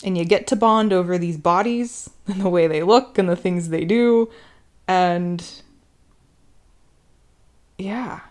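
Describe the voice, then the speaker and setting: A woman's voice: lowish voice, takes it slowly, pauses often, a little mellow. A woman hosting a podcast, speaking in a heartfelt, open and emotional way about relationships. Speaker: podcast host. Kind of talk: candid relationship podcast talk.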